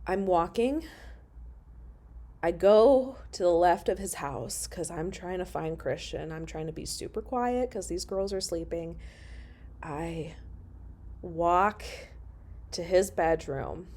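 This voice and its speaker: Give me a woman with a lowish voice, talking slowly and candidly to her viewers about something that upset her. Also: a little mellow. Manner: emotional, candid, swears freely, addresses viewers. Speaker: storyteller vlogger. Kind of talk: casual storytime vlog.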